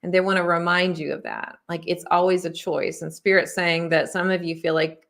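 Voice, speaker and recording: A woman's voice: fairly low pitch, flat delivery, normal speed, vocal fry, few pauses, fairly bright tone. Reassuring woman reading oracle cards. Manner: friendly, reassuring, conversational with many fillers. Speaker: intuitive oracle card reader and spiritual teacher. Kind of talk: casual oracle card reading to viewers.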